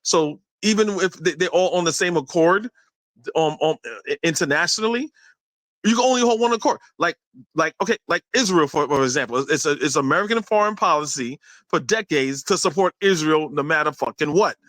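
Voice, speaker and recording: A man's voice: on the high side, a little fast, fairly bright tone, no echo, low-quality recording. Emphatic man arguing on a call, dry. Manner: emphatic, argumentative, frequent restarts. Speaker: podcast co-host. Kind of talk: heated panel debate.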